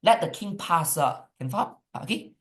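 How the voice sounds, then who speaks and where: A young woman with a Malaysian English accent teaching a history revision class, coaxing and animated, slipping in Malay words. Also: on the low side, moderate pace. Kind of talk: online exam revision class.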